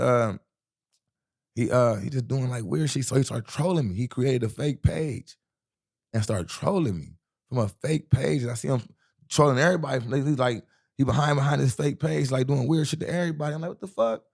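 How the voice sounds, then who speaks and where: A man's voice: mid-range voice, fairly quick, vocal fry, darkish tone. A young man from the US Midwest, a rapper guest in an interview, telling a rambling, profane street story and often asking "you know what I'm saying".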